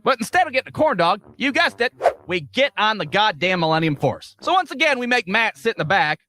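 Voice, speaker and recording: Fast, high-energy swearing storyteller guy. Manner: profane, animated ranting. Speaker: comedic storyteller. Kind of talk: comedic monologue.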